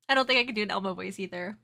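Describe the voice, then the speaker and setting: Giggly bright-voiced woman streamer. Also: mid-range voice, fast, gravelly. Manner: giggly, laughs often, flustered and chatty. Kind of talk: casual live-stream chat.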